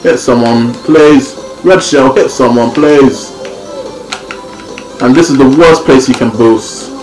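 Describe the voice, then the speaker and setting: A young man from Kent commenting casually on a racing game, swearing and yelling whenever things go wrong. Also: mid-range voice, slow. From Kent, England. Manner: excitable, swears and yells at the game. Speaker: gamer co-host. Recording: echoey room with game music.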